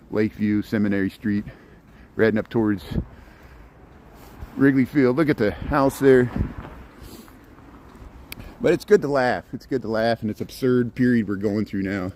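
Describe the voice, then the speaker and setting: A man's voice: on the low side, normal speed, long pauses, a little mellow. A middle-aged man walking city streets at night, chatting to his phone camera in a rambling way with many restarts. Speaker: walking vlogger. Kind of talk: casual walking commentary. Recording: faint street and traffic noise.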